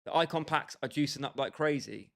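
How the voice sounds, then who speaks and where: With a slightly high, a bit bright voice, vocal fry, and a slightly fast pace, a young gaming livestreamer covers a football game. He jokes and banters with chat, speaking to viewers by name.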